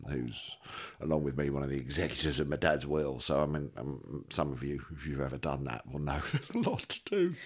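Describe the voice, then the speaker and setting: A hoarse man with a very deep voice co-hosts a relaxed podcast chat. He jokes about himself in a dry, low-energy way. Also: fairly quick. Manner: dry, self-mocking humour, low energy. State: hoarse from a cold. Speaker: podcast co-host.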